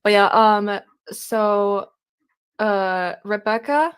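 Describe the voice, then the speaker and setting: A woman hosting a live stream, reacting out loud to a video with exclamations and laughter. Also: medium pitch, extremely slow, clean tone. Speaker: true crime streamer.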